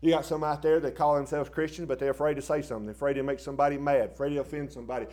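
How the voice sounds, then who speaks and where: A man preaching a sermon in a folksy, plain-spoken way, dropping to quiet asides and rising into loud impassioned bursts. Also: a little high, steady tone, rapid-fire, hardly any pauses.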